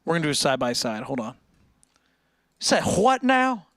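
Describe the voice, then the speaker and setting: A man's voice: fairly high pitch, big pitch swings, moderate pace, a bit bright, dry recording, studio quality. A man streaming, chatting casually and joking around with lots of laughs. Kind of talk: casual chat.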